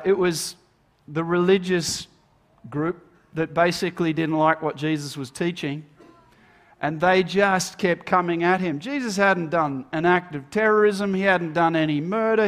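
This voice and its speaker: A man, a minister, giving a Good Friday sermon as storytelling, swinging between emphatic lines and hushed, slowed ones. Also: a little high.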